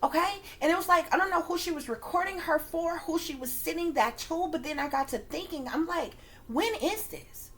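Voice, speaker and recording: A woman's voice: extremely high pitch, brisk, few pauses, a bit bright. A woman working as a psychic reader, telling her viewers a story in a casual, emphatic way, swearing often and acting out her own reactions.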